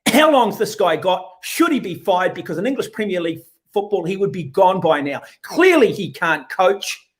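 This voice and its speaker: A man's voice: sits high, animated, fairly quick, few pauses. A man, a rugby pundit ranting sarcastically and bluntly on a talk radio show.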